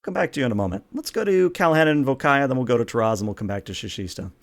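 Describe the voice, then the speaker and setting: A man at a mid-range pitch narrates a tabletop role-playing game as its game master. He talks in a relaxed, easygoing way, filling pauses with "um" as he moves the story between players. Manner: relaxed, steering the scene with fillers.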